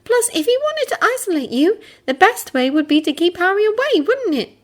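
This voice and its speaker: A woman's voice: very high voice, sing-song, a little fast, voice pushed up. A woman doing an eager, bossy schoolgirl witch. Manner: insistent, eager, lecturing. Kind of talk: fan audiobook character voice.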